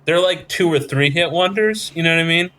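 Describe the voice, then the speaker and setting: A man's voice: fairly high pitch, brisk, sharp tone. A man hosting a podcast, rambling in casual chat with lots of fillers and jokes. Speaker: podcast host.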